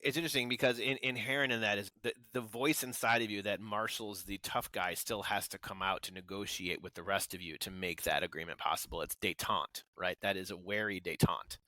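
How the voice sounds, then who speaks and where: A man's voice: on the low side, steady tone, brisk, hardly any pauses, pushed and bright, no room sound. A man hosting a podcast interview, asking reflective, probing questions. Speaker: podcast host. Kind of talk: conversational interview.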